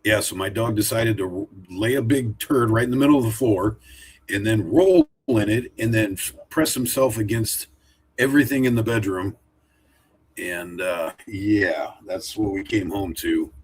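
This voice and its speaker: A man's voice: on the low side, normal speed, slightly rough. A man hosting a casual live stream from home, rambling and chatty while he talks to his dog. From Oregon, USA. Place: home room, sitting in a wooden chair.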